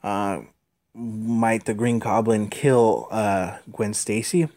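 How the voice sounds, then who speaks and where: A man hosting a podcast, giving a casual, halting recap of a comic book with many fillers. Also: on the low side, darkish tone. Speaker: podcast host.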